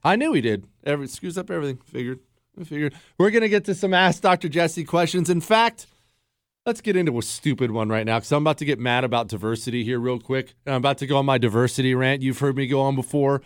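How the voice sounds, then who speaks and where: A man with a mid-range voice hosts a talk radio show, speaking fast in a casual monologue. He's sarcastic and trades banter with his producers, recorded dry on a studio microphone.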